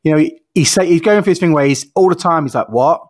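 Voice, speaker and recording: A man's voice: on the high side, fast. A man hosting a podcast, asking rambling questions with many restarts in a casual way. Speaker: podcast host. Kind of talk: casual conversational interview.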